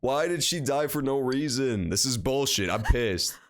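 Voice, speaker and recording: A man's voice: mid-range voice, animated, normal speed, slight background noise. A man streaming a game, reacting with blunt, profane commentary. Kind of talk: let's play commentary.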